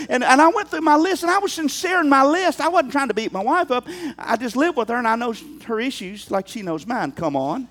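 A man preaching a sermon from the pulpit in a strikingly high voice. His pitch leaps up and down as he tells stories. He keeps turning to the congregation with rhetorical questions. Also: animated, brisk, hardly any pauses, a bit bright. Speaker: pastor.

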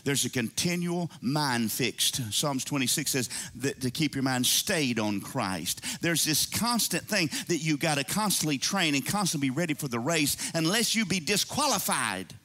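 High, lively preaching man. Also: normal speed, hardly any pauses. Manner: animated preaching, rising to high excited calls. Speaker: pastor. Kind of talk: sermon.

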